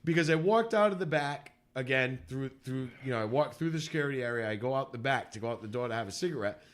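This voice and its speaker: A man's voice: mid-range voice, animated, fast. A man co-hosting a podcast, telling a story in casual chat, laughing often and acting out quotes in a raised voice. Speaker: podcast co-host.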